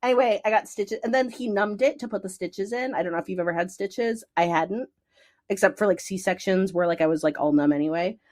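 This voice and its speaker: A woman's voice: mid-range voice, fairly quick. A woman in her thirties from the American Midwest, co-hosting a podcast and telling a story, acting out what people said with lots of "like". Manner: animated storyteller, acts out quotes, frequent "like". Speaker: podcast co-host. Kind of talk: casual chat, storytelling.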